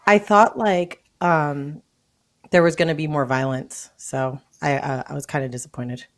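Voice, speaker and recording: Hesitant low-voiced woman. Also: fairly even intonation, a little slow. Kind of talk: casual podcast chat.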